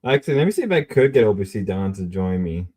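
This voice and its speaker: A young man streaming casual commentary, rambling and swearing, repeating himself and swinging between mumbling and loud outbursts. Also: lowish voice, sing-song, fast.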